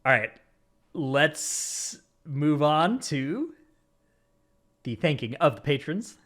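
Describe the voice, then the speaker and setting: A man's voice: on the high side, sing-song, takes it slowly, fairly bright tone. A man hosting a casual gaming podcast, reading lists of supporter names with running jokes. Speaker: podcast host.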